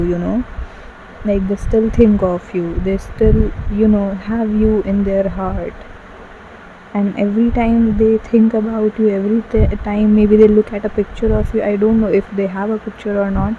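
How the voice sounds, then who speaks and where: Heard through narrow, tinny audio with slight background noise, a tarot reader with a mid-range voice delivers a casual monologue. She gushes, leans on fillers, and grows tearful now and then.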